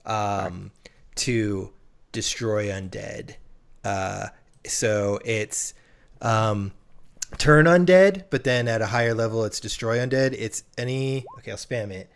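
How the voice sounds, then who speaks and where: A man playing a tabletop game, casually explaining his cleric's turn with halting fillers. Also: on the low side, gravelly. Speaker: player, cleric.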